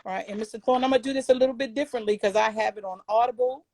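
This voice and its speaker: A woman's voice: on the high side, racing, mellow. A female middle school teacher guiding her class, encouraging and giving instructions. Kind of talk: classroom lesson.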